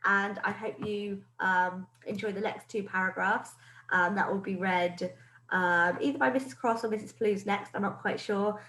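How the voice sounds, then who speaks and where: A woman teacher reading a storybook aloud to her pupils in a lively, expressive way. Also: medium pitch, moderate pace, echoey room, poor audio.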